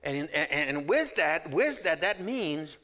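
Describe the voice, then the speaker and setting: A middle-aged or older man giving a teaching sermon with scripture readings, chatty, and acting out quotes in animated voices. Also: a little high, measured pace. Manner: conversational, acts out quotes in lively voices. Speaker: Bible teacher.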